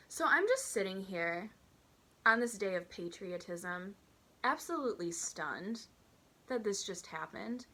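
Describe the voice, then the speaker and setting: A woman telling stories from her waitressing days in an animated, incredulous way, with dramatic outbursts and a lot of "like.". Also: medium pitch, unhurried. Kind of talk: storytime vlog.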